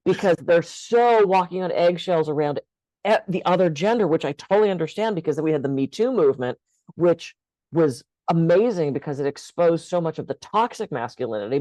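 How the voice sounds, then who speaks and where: A woman's voice: fairly low pitch, dark tone, no echo, poor audio. Older woman, co-host, candid storyteller, dry close sound. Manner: candid, storytelling, laughs often. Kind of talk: casual conversation.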